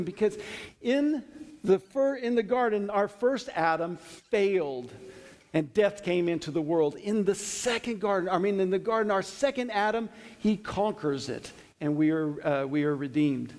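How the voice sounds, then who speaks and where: A man with a high-pitched voice preaches in an earnest, conversational manner, often restarting his sentences as he retells scripture. His voice rings with a long hall reverb. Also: a little mellow. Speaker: Bible teacher. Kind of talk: sermon.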